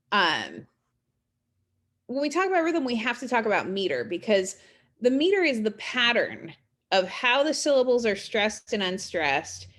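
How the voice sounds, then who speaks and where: A woman's voice: mid-range voice, fairly bright tone. A middle-aged woman, a college English instructor, explaining ideas in a recorded video lecture, talking in an explanatory way with frequent fillers and restarts.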